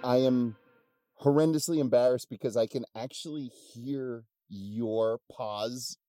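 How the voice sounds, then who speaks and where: A man's voice: medium pitch, measured pace, warm tone, no echo, soft background music. A man co-hosting a podcast, joking and self-deprecating, swearing freely, close on the mic. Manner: jokey, self-deprecating, profane. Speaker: podcast co-host. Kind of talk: casual podcast banter.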